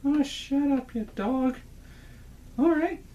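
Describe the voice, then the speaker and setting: A man voicing a grumpy, wisecracking boy ventriloquist dummy with a squeaky cartoonish voice, sarcastic in a comedy act. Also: slow, dark tone. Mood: sassy. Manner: sarcastic quips.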